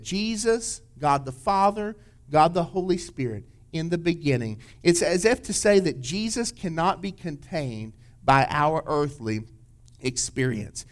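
A man preaching a sermon, earnest and conversational, with filler words and restarts as he tells stories. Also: fairly high pitch. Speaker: pastor.

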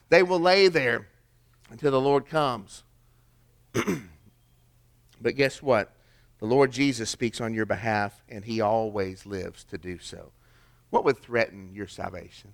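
A man's voice: mid-range voice, a little slow, pauses often. An older man, preaching a sermon in a folksy storytelling way with rhetorical questions. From American South. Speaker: pastor.

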